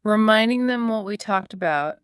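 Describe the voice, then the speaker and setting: A woman's voice: mid-range voice, lively intonation, moderate pace, clear, resonant tone, no echo, clean studio sound. A woman co-hosting a learning podcast, asking questions and repeating key points back in a scripted teaching dialogue. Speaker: podcast co-host.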